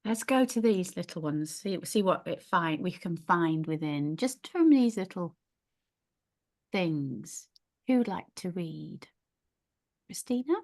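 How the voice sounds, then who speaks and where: A middle-aged woman leads a small yoga group in a relaxed, musing way, starting and restarting her thoughts. Her voice sits a little low. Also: takes it slowly. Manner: musing, thinks aloud with restarts. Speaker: yoga teacher. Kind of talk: casual teaching in a small group.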